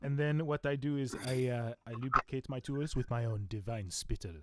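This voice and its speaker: A man's voice: mid-range voice, normal speed, no room sound, lightly acted. A man putting on a pompous French sculptor. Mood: grandiose. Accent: put-on French. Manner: theatrical, grandiose, exaggerated.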